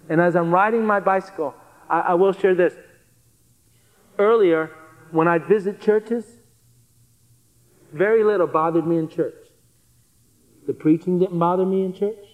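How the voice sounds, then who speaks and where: A man telling his conversion testimony to a live audience, earnest and animated, repeating phrases for emphasis. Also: high voice. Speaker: guest speaker giving a testimony. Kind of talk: testimony sermon storytelling. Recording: long hall reverb.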